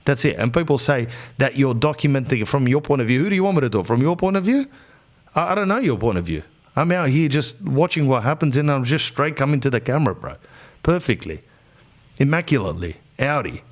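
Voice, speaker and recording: A man's voice: medium pitch, quick pace. An Australian man hosting a podcast, rambling through a slangy comic monologue and slipping into other people's voices. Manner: animated, slips into characters' voices. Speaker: podcast host. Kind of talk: comedic storytelling monologue.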